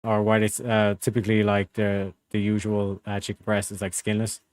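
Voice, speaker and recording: A man's voice: fairly low pitch, monotone, moderate pace, darkish tone, no echo, clean studio sound. A young man hosting a livestream in casual, rambling chat, full of slang and "you know what I mean". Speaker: livestream host.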